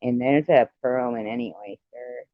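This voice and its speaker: A man's voice: medium pitch, fairly even intonation, moderate pace, dry recording, phone-quality sound. A man telling a personal story to viewers in a casual, rambling, heartfelt way, with many "you know" fillers.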